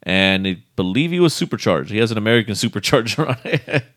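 Laid-back man for casual car talk, deep-ish clean voice, dry close recording. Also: expressive, fast, fairly bright tone, no echo. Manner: laid-back, laughs often, swears casually. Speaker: co-host. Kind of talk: casual chat.

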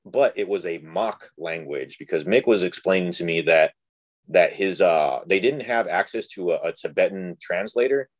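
Low-voiced young man telling a story. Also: moderate pace, no room sound. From Texas. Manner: animated, filler-heavy, acts out quoted dialogue. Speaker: guest. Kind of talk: casual storytelling.

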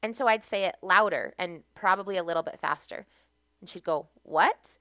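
A woman's voice: on the low side, a little fast, pushed and bright, no room sound. A young American woman, a podcast guest, telling stories from her life in a chatty way and laughing often. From United States. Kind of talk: casual podcast conversation.

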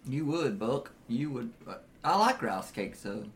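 A man's voice: medium pitch, lively intonation, measured pace, a bit bright. A man teasing his scene partner in an improvised comedy sketch, laughing often.

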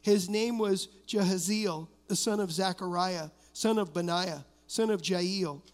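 A middle-aged pastor delivers an emphatic sermon, weaving personal stories into his declarations. His voice sits high at a measured pace, carried by the long reverb of a church hall.

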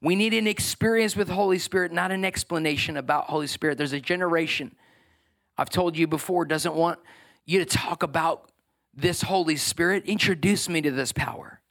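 A male pastor preaching a sermon, energetic and building in pitch to stress his points. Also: moderate pace, creaky.

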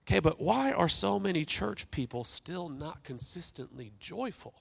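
A man's voice: fairly high pitch, sing-song, moderate pace, creaky, husky. A man preaching a sermon as pastor, emphatic, with call-and-response asides to the congregation. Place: church sanctuary.

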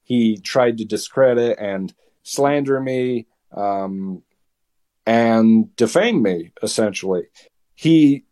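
A young man in his late teens talks as a podcast guest. He tells his side of a story in a heated, lively way and often stumbles and restarts mid-sentence. His voice sits at an ordinary male pitch. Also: slow. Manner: heated, animated retelling with many restarts. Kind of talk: casual storytelling.

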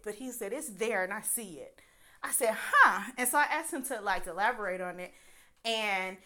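A woman casually telling a personal story, acting out quoted dialogue with candid, animated delivery. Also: medium pitch.

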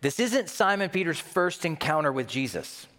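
A pastor delivers his sermon in a chatty, animated style, and his pitch swings widely as he acts out scenes. His voice carries a long reverb from a large church hall. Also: normal speed.

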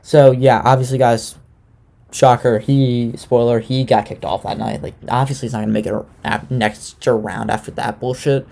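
Casual sarcastic man with a mellow voice. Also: medium pitch, fairly even intonation, moderate pace, gravelly. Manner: loose, sarcastic, swears casually. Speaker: podcast host recapping a reality dating show. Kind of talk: casual chat.

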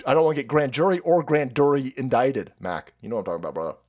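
A man's voice: mid-range voice, fast talker, few pauses, darkish tone. A man ranting crudely on a live stream, mocking and often breaking into laughter. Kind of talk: profane ranting commentary.

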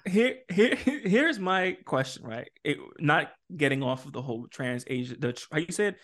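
Man, casual podcast co-host, slightly high voice, emphatic and laughing, rambling restarts. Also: moderate pace. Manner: animated, emphatic, laughs often, restarts and asks for words. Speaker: parent.

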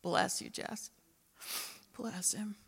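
A woman's voice: mid-range voice, steady tone, extremely slow, a bit bright, slightly rough. A woman pastor preaching a sermon and praying, impassioned and repeating phrases for emphasis. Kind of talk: sermon with prayer.

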